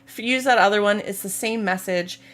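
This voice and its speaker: A woman's voice: medium pitch, a little fast, a bit bright. A woman game streamer in casual live-stream chat, bubbly and playful as she talks to her viewers.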